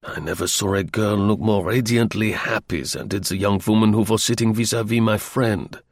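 A man reading a first-person novel in a measured, arch storytelling manner, with a husky voice. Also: fairly low pitch, fairly even intonation, dry recording, clean studio sound. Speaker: audiobook reader.

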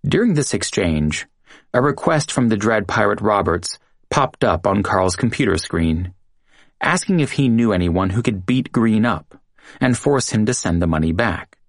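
Man, audiobook narrator, low voice, measured dramatic reading, dry close sound. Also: animated, no room sound. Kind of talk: scripted true-crime narration.

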